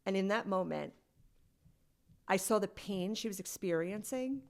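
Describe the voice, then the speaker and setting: A woman's voice: mid-range voice, unhurried, creaky, darkish tone. A woman guest on a podcast, telling a personal story in a candid, conversational way with lots of "like.". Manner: candid and conversational, heavy use of "like".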